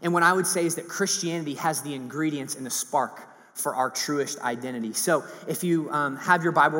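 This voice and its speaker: A man preaching a sermon in a casual, animated way with many fillers. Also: mid-range voice. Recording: long hall reverb.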